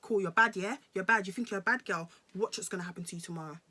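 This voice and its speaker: A woman's voice: lowish voice, racing, fairly bright tone, slightly rough. A woman voicing her angry young ex-boyfriend, who taunts and threatens her. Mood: taunting threats. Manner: taunting, menacing.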